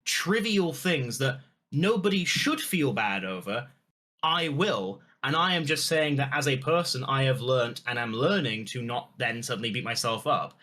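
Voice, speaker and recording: Man, podcast co-host, earnest, bright tone, frequent restarts. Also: medium pitch, lively intonation, unhurried. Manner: earnest, restarts often while clarifying a point. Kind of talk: casual chat.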